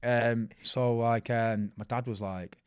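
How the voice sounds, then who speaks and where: Guy on a podcast, mid pitch, dry sound, chatty and animated when telling a story. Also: slow pace, smooth, no echo. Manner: lively storyteller acting out family voices. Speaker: podcast co-host. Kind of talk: casual chat.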